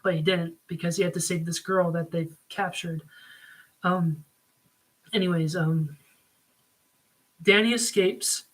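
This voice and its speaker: A man's voice: on the high side, steady tone, measured pace, long pauses, a bit bright, poor audio. A man giving a casual spoken review, rambling with frequent ums and likes. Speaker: video reviewer.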